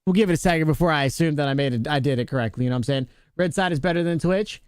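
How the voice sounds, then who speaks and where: A man's voice: fairly high pitch, very fast, clean tone, no room sound, studio quality. A male streamer chatting casually with viewers, joking around, laughing often and greeting chatters by name.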